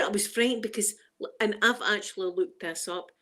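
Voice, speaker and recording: A woman's voice: medium pitch, moderate pace, fairly bright tone. A Scottish woman hosting a live stream, chatting casually and rambling with viewers, laughing often. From Scotland.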